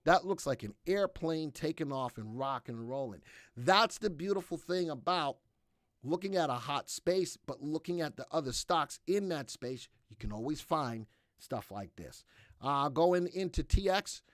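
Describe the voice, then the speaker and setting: A fairly high-pitched man hosts a live stock analysis webcast, bursting into folksy exclamations as he reads charts. He talks straight to his viewers and asks them to answer in the chat. His voice sounds close and dry, with no room echo. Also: animated, normal speed. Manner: exuberant, folksy exclamations while reading charts. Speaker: stock market webcast host.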